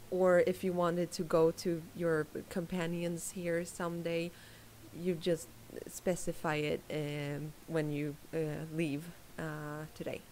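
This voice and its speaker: A woman doing a halting, giggly quest-giver. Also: fairly low pitch, slight background noise. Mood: earnest. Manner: hesitant, full of ums, giggly. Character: cheerful young woman employer hiring adventurers.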